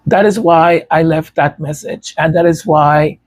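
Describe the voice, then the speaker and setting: Man, stutters, tongue-tied, slow delivery, slightly higher voice, casual talk to viewers. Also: steady tone, darkish tone. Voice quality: tongue-tied, some sounds hard to pronounce. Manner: stutters, repeating words. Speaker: music creator speaking to supporters.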